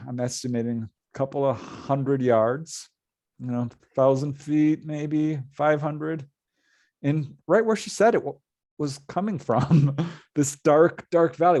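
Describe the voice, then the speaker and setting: Man, middle-aged, mid-pitched voice, animated storyteller, laughs often, dry close recording. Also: no room sound. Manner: lively, laughs often while telling a tale. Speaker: guest, paranormal author.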